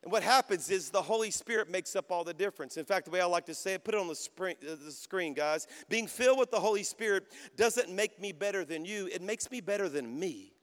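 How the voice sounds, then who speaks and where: A man's voice: high-pitched, expressive, brisk, hardly any pauses. A man in his fifties preaching a sermon, exhorting the crowd with call-and-response. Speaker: pastor. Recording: long hall reverb.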